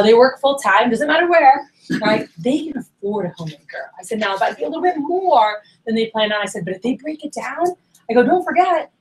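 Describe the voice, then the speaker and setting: A young woman leading a sales training workshop, talking fast and acting out little exchanges with her reps. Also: fairly high pitch, poor audio. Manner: animated, acts out quoted dialogue.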